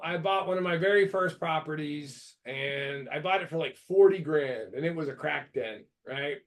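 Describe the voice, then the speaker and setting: A higher-pitched man in his thirties from the United States tells stories as a podcast host. He rambles with lots of restarts, then bursts into loud acted-out quotes. His voice sits high for a man. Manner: rambling, animated, acts out quotes with shouts. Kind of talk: casual storytelling chat.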